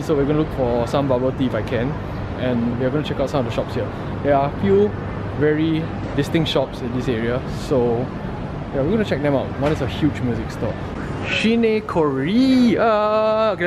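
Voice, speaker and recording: Singaporean guy vlogging round town, jokey and chatty, loud street noise behind. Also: mid-range voice. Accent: Singaporean English. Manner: chatty and jokey, quick to laugh. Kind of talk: casual vlog narration. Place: out and about in city streets and shops. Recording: noisy outdoor street recording.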